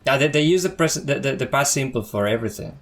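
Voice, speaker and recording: A man interviews his guest, curious and a bit halting, often restarting his sentences. His voice sits in a middle pitch range. Faint music plays underneath. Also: animated, creaky, a bit bright. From Spain. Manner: curious, hesitant, many restarts. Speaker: interviewer, host. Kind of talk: casual interview chat.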